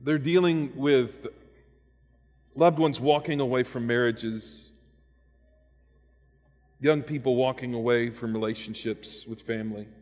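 A pastor preaching a sermon, conversational and dynamic, with rhetorical questions and humor. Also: male voice, medium pitch, steady tone, unhurried, long pauses, darkish tone, big-room sound.

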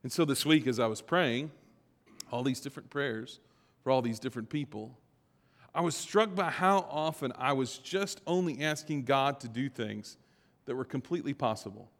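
A man's voice: mid-range voice, normal speed. Man preaching in a reverberant hall. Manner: conversational preaching, swings from hushed to emphatic. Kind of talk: sermon.

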